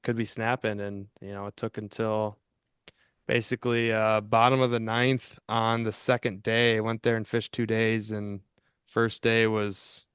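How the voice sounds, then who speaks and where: A man with a low, smooth voice rambles through a story as a podcast co-host, circling back and restarting as he goes. The recording is dry and close to the mic. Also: flat delivery, measured pace, fairly bright tone, no room sound. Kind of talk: casual fishing podcast chat.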